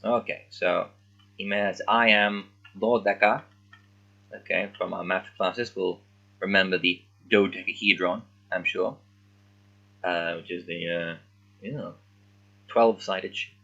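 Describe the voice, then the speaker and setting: Man, low voice, bright forceful tone, halting readalong, dull lo-fi recording. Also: fairly even intonation, creaky. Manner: halting, puzzling over words aloud. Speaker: language learner. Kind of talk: casual thinking-aloud readalong.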